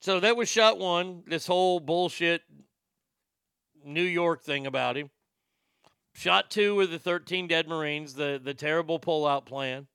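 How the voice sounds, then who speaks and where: An older man delivers ranting political commentary, sarcastic and profane, in a gravelly yet smooth voice that's bright and somewhat high. He speaks at a measured pace, and the sound is dry and close with no echo.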